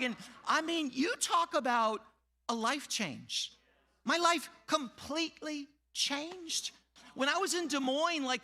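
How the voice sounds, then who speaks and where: A middle-aged pastor with a notably high, bright voice delivers a sermon in a storytelling way. He slips into the voices of the people he quotes and sinks low and quiet when the story turns sad. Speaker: preacher.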